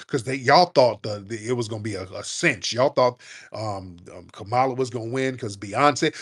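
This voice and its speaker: A man hosting a talk radio show, ranting in a combative, mocking, animated way. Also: on the low side, moderate pace, husky. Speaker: radio host.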